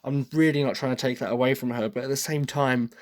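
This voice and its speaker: A man with an English accent hosting a podcast, giving his opinions in a casual monologue from his desk, thinking aloud with restarts and quick apologies. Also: medium pitch, fairly even intonation. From Britain. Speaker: podcast host. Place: at a desk with written notes.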